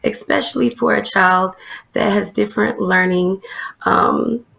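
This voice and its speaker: Woman, early learning teacher, gravelly voice, earnest, filler-heavy interview answers. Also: mid-range voice, fairly even intonation, unhurried. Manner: earnest, warm praise with frequent fillers.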